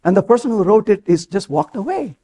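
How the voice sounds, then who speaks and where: A man giving a conference talk to a live audience, lively and playful, acting out quoted voices and asking the room questions. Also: high-pitched, a little fast, gravelly. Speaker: conference speaker.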